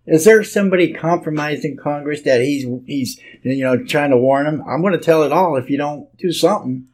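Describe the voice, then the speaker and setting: Man, talk show host, fairly high voice, rambling, restarts his sentences. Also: brisk, a little mellow. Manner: rambling, repeats words when starting sentences. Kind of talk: casual political talk show.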